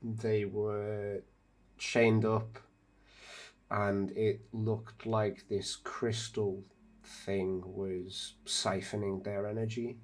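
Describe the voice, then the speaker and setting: Slow, low-voiced man playing a tabletop game. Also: little pitch movement. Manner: hesitant, unhurried, with fillers. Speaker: player.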